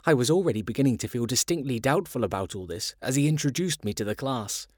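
A man reading children's stories aloud in a playful, animated way. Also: medium pitch, fast, husky, dry recording, studio quality. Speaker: reader.

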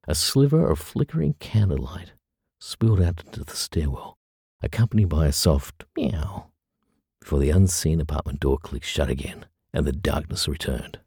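A man reading a story aloud in measured audiobook narration. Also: a bass voice, lively intonation, darkish tone, slightly rough, dry recording, studio quality.

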